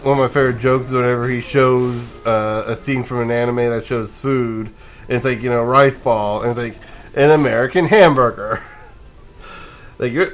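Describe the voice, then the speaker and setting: Sleepy guy rambling over a game, yawning, chuckles a lot, faint game music behind. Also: medium pitch. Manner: rambling, chuckling, restarts mid-sentence. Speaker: let's play gamer. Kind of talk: casual gameplay commentary.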